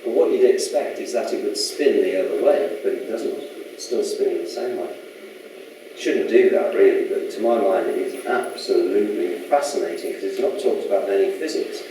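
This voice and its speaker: A man speaks in a dark, mellow voice. He gives a loose, chatty lecture and keeps asking his listeners questions. The sound comes from far off in a very echoey hall with faint noise. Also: on the low side, normal speed. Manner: rambling, chatty, asks the audience questions. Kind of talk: casual public talk. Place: lecture room.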